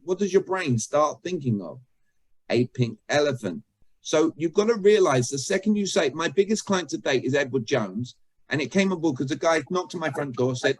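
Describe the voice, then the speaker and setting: A man's voice: mid-range voice, lively intonation, a little fast, no echo, low-quality recording. A British-born man running an online communication workshop, joking and asking his audience questions. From Britain. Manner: chatty, jokey, asks the audience questions. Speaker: communication trainer. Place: video call.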